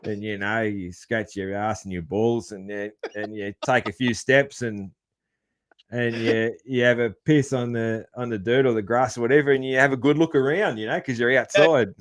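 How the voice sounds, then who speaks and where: A man's voice: mid-range voice, steady tone, normal speed, dry recording, clean studio sound. A man with an Australian accent hosting a casual podcast interview, laid-back and full of crude slang. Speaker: podcast host.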